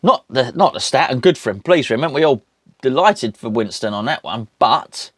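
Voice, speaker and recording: Rambling chatty English football vlogger. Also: male voice, medium pitch, expressive, brisk, breathy edge, no echo, clean studio sound. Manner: rambling, chatty, self-interrupting. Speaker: football podcast host. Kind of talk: casual chat.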